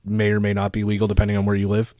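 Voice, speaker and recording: A man's voice: fairly low pitch, completely flat delivery, very fast, dark tone, dry recording, clean studio sound. Laid-back male podcast co-host. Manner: laid-back storytelling, casual swearing. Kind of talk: casual chat.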